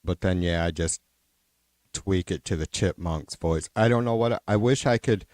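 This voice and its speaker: Man, low voice, close dry mic, casual livestream talk, swears a lot, rambles. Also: normal speed, a little mellow, no room sound. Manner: rambling and profane, with many restarts and trailing-off sentences. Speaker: livestream host. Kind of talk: casual unscripted stream chat.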